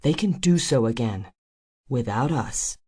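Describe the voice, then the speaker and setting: Woman voicing nonhuman male warrior, quiet, firm, sadly resolved, low and unhurried. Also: animated, husky, heavily acted.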